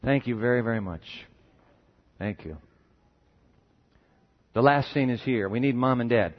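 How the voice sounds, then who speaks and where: A man preaching a sermon in a lively, conversational way, often asking his listeners questions. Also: mid-range voice, a little slow. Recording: dull muffled recording.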